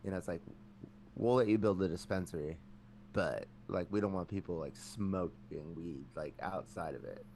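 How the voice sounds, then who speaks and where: A man co-hosting a podcast in casual chat, laid back and chiming in with quick reactions and swearing. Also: deep voice, darkish tone, a little hiss or hum. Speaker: podcast co-host.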